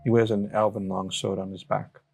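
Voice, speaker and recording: A man playing a tabletop game, calmly describing his character. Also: on the low side, fairly quick, creaky, soft background music. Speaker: player.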